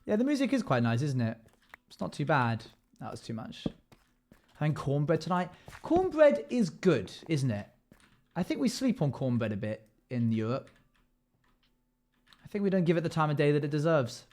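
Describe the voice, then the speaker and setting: A man riffs with his chat during a live stream. His voice sits a little high and jumps around in pitch. He talks in a loose, teasing way and laughs easily. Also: expressive, normal speed, pauses often, darkish tone. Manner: playful, joking banter with chat, frequent laughter. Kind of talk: casual livestream chat.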